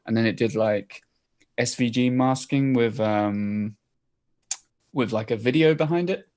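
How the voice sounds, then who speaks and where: Man, guest developer, casual rambling explanation, mid pitch, lots of filler words. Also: unhurried, a little mellow. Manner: rambling, many fillers and restarts.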